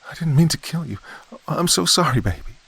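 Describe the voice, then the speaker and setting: A man's voice: a little high, lively intonation, fairly quick, creaky, fairly bright tone, slightly rough, pitched above the performer's own voice, heavily acted. A man voicing a terrified, remorseful young woman prisoner, pleading frantically in a horror story. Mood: frantic.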